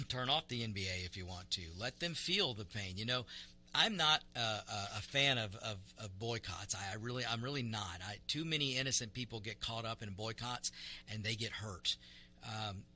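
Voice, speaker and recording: A man's voice: on the low side, lively intonation, moderate pace, bright, forceful tone. Emphatic male talk radio host. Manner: emphatic, repeats words as he restarts. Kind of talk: opinionated talk radio commentary.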